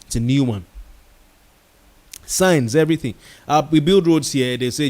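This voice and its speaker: A man's voice: mid-range voice, normal speed, darkish tone. Passionate Nigerian man ranting on air. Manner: passionate and ranting, mixing pidgin words. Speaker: talk show host. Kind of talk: late-night commentary monologue.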